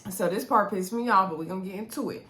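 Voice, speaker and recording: A woman recapping a reality show episode in a casual, sassy way, with lively asides to her viewers. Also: mid-range voice, fast, echoey room. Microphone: camera mic.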